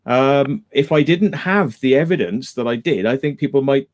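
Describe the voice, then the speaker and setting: A man's voice: medium pitch, lively intonation, moderate pace. A man hosting a live stream in casual chat, retelling a dispute emphatically and going back over the same points.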